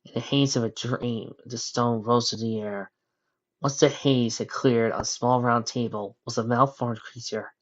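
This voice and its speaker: A man's voice: mid-range voice, steady tone, unhurried, dull audio. A man reading a fan story aloud as narrator, breaking off for wry, sarcastic joking asides. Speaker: narrator and fanfic reader.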